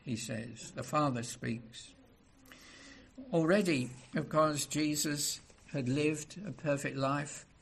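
A man's voice: mid-range voice, slight background noise. A man preaching a sermon, asking his listeners rhetorical questions and rising into emphatic stretches.

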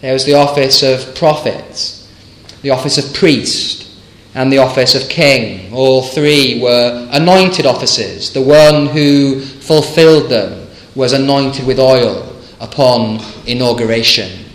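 A man's voice: medium pitch, slow pace, echoey room, low-quality recording. A man preaching a sermon, emphatic and fervent, often asking rhetorical questions of his listeners. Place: church.

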